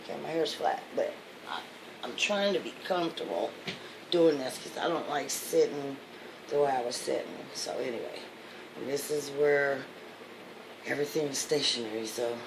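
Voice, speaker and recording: A woman's voice: very deep voice, moderate pace, background noise. A woman vlogger talking in a casual, rambling, digressive monologue.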